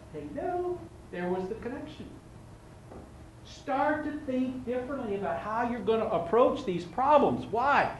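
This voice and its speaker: A man giving a motivational seminar talk to a live audience, telling stories with humor and acting out the dialogue. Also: very high voice. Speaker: motivational speaker. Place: large event room. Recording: echoey hall from far off with faint noise.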